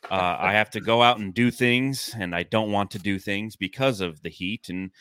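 A man's voice: lowish voice, moderate pace, fairly bright tone, slight background noise. A man from Arizona on a podcast, joking wryly in casual chat. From Arizona, United States. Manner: wry, joking.

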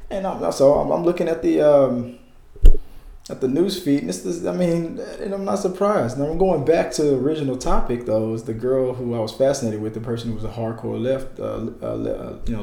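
A man's voice: mid-range voice, gravelly, dark tone, echoey room. A man talking in a casual, heated political rant, emphatic and repetitive, with frequent restarts. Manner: heated, emphatic, repeats himself, restarts often.

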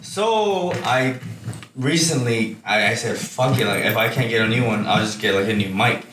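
A young man co-hosting a casual chat, swearing often and telling animated stories with frequent laughs. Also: medium pitch, normal speed. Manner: profane, laughing, animated storytelling. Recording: roomy, distant mic with clear background noise.

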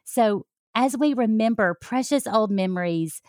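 A middle-aged woman who works as a health coach speaks straight to her listeners in a warm, folksy, heartfelt personal talk. Her slightly high voice is expressive and unhurried, recorded with studio quality and no room sound.

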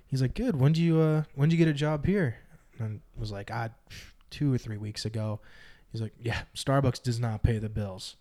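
A young man talking easily as a guest, recounting moments with a dry, joking edge. His voice is of middling pitch for a man. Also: moderate pace, mellow. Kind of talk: casual chat.

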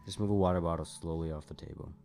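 A man's voice: low-pitched, steady tone, racing, darkish tone, soft background music. A man co-hosting a casual podcast, dropping short dry jokes and comments. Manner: dry, joking interjections. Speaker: podcast co-host. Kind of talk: casual chat.

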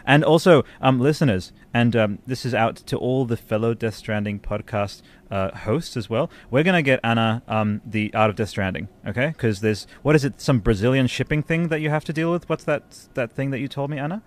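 A man from Italy hosting a podcast in casual chat, excitable and effusive, often laughing. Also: mid-range voice, fairly quick, hardly any pauses. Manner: excitable, effusive, bursts into laughter and loud exclamations. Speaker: podcast host.

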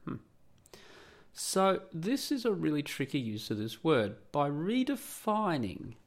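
A creaky, medium-pitched male voice belongs to an Australian podcast host. He delivers a solo rant that is indignant, sarcastic and profane.

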